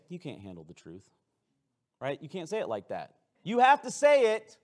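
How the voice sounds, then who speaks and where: A pastor giving a conversational, playful sermon in a church, often restarting his sentences. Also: high voice. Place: church sanctuary with congregation.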